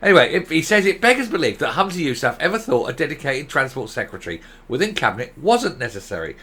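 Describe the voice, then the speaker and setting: A man's voice: fairly high pitch, very animated, fast, pushed and bright, husky. A man doing an opinionated political commentary vlog, sarcastic and exasperated, with mocking asides.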